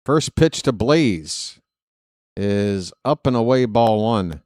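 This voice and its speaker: A man's voice: lowish voice, lively intonation, slow pace, darkish tone, no echo, studio quality. A man calling a live baseball game as a streaming host, in a rambling, jokey, self-deprecating way. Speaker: play-by-play streamer. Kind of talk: live play-by-play commentary.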